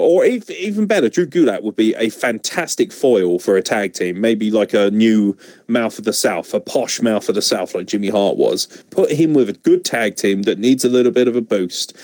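A man's voice: on the low side, darkish tone, dry recording. A man co-hosting a casual review podcast, ranting sarcastically and swearing freely. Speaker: podcast co-host. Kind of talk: casual wrestling review chat.

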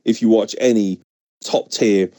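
A man's voice: on the low side, steady tone, measured pace, dark tone, dry recording, studio quality. Blunt, sweary English man podcasting. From England. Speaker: podcast host. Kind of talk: casual podcast chat.

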